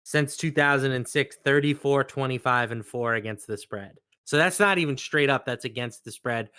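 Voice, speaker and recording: A man working as a sports betting analyst, walking through trends and numbers in casual, measured talk. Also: mid-range voice, pushed and bright, clean tone, no echo, clean studio sound. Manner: measured, stat-driven explanations.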